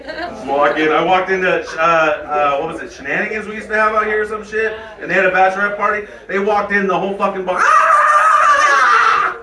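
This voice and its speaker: A man's voice: high-pitched, fairly even intonation, fast, heavy background noise. Brash, crude middle-aged male comic. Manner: crude, brash, conversational, with sudden yelled bits. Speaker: stand-up comic. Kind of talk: stand-up comedy set. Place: comedy club stage. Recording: echoey club from a distant mic with crowd.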